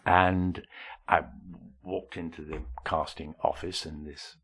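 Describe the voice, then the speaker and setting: An older English actor telling a rambling, halting anecdote as an interview guest. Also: male voice, a bass voice, little pitch movement, a bit bright, breathy edge. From England. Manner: rambling, halting storyteller who acts out quoted voices. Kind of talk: anecdotal storytelling.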